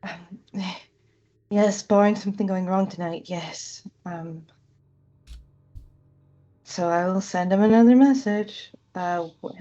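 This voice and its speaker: Slow, halting woman player. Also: lowish voice, mellow, lo-fi sound. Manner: hesitant, halting, laughs often. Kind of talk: casual tabletop game play.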